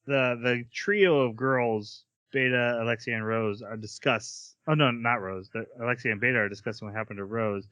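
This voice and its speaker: A man's voice: mid-range voice, steady tone, normal speed, hardly any pauses, bright, forceful tone, clean tone, dry recording, muffled recording. A man hosting an anime podcast, recapping plot points and steering the talk. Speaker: podcast host. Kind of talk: casual chat recapping episodes.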